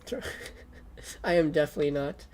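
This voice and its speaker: Young woman, casual stream chat, rambling, Valley Girl lilt, sore throat, lowish pitch. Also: normal speed, darkish tone.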